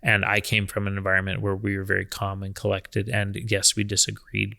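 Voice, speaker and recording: A man in his thirties talks calmly about marriage, his voice low and gravelly. His tone stays level and even, with restarts as he thinks aloud. The sound is close and dry. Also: no room sound. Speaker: podcast co-host. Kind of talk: casual conversation about marriage.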